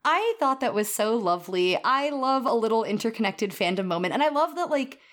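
Animated woman podcast co-host. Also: on the high side, brisk. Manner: animated, acts out quoted lines. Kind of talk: casual chat.

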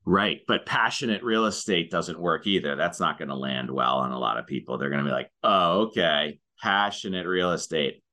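Deep, bright-toned male podcast host. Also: normal speed, few pauses. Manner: brief reactions and follow-up questions. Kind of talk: casual interview.

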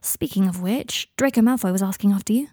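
A woman's voice: medium pitch, a little fast, mellow, breathy edge, no echo, clean studio sound, lightly acted. A woman reading the part of a hesitant, awkward young man in an audiobook fan-fiction reading.

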